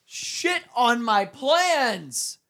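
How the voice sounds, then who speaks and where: A man's voice: very high-pitched, very animated, very slow, creaky, sharp tone, no room sound, studio quality. A man hosting a podcast in casual, crude banter. He is frustrated and sarcastic, and he swears a lot while drinking scotch. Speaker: podcast host.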